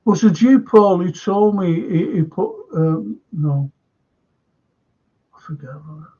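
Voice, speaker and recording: Slow, rambling older Liverpool man. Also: high voice, animated, dark tone. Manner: slow, meandering, with many restarts. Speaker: live stream host reading viewer comments. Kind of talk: rambling casual chat. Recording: dull lo-fi stream audio.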